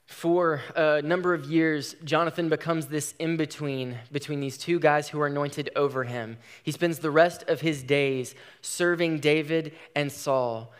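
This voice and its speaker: A man's voice: a little high, steady tone, unhurried, few pauses, clean tone. A man preaching a sermon, retelling a story with dramatic, emphatic delivery.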